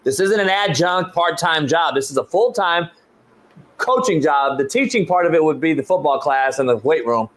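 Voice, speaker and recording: Animated, profane male show host. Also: on the high side, moderate pace. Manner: animated, profane, repeats and restarts words. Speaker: show host, football coach. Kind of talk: casual sports talk storytelling.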